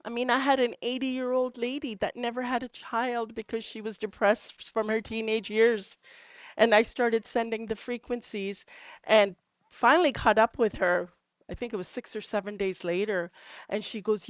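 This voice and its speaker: A woman's voice: fairly high pitch, fairly even intonation, normal speed, no echo, clean studio sound. Chatty woman telling stories. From Canada. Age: middle-aged. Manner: chatty, many fillers, laughs at herself. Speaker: entrepreneur sharing testimonials. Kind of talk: casual storytelling to a group.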